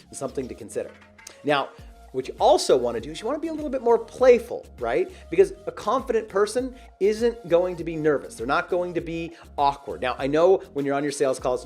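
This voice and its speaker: A man's voice: a little high, a little mellow. A man teaching as a sales coach, talking energetically and leaning hard on key words, often checking in with "right?". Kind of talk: instructional video talk.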